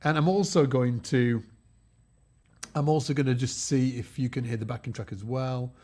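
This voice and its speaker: A man hosting a live-stream bass lesson, chatty and upbeat, greeting viewers by name. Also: fairly even intonation, moderate pace, darkish tone. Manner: chatty and upbeat, reads out viewer names, frequent fillers and restarts.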